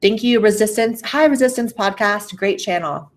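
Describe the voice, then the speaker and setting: A woman's voice: medium pitch, normal speed. A woman hosting a casual livestream and reading super chats aloud, blunt and profane, on a faulty mic that keeps cutting out. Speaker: livestream host.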